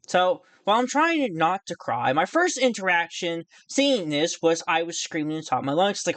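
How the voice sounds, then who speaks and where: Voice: medium pitch, very animated, normal speed, few pauses, fairly bright tone, no room sound. A YouTuber talking casually and nervously in a response video, stammering, restarting sentences and putting themself down, with the odd casual swear. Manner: nervous, stammering, self-deprecating, with frequent restarts. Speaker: YouTuber responding to another creator. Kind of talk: casual rambling video commentary.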